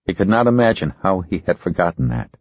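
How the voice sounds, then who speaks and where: Male thriller narrator: low, husky, suspenseful, dry close sound. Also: big pitch swings, no echo, dull audio. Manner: measured, suspenseful. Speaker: audiobook narrator. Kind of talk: scripted narration.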